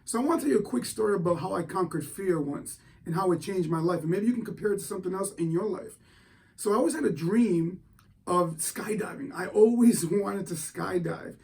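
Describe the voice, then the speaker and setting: Man, high voice, motivational speaker, excitable storyteller, a bit distant from the mic. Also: fairly quick, gravelly. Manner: animated, excitable storytelling with restarts.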